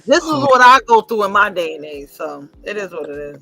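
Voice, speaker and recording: A woman's voice: medium pitch, very animated, fairly quick, pushed and bright, no room sound, faint music behind. A woman hosting a casual live-stream panel, telling stories in a brash, profane, joking way. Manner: brash, profane, jokey storytelling. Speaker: stream host.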